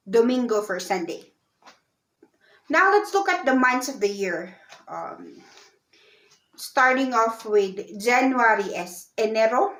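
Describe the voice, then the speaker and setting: Woman, language teacher, patient and repetitive, slightly high voice, roomy echo. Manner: repeats and spells out each word patiently. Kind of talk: slow, deliberate lesson explanation. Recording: echoey room.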